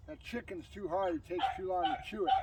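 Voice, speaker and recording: Outdoors on a property, a dog trainer runs a casual training demonstration, explaining the session and praising his dog. His voice is high and fairly quick, recorded far from the mic with a lot of noise.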